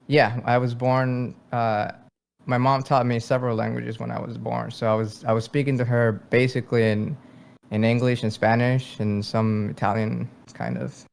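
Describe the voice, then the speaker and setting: A man from Venezuela, a military veteran, speaking as a podcast guest in a halting, thoughtful way with frequent fillers. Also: medium pitch, level tone, vocal fry, clear, resonant tone. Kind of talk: casual interview.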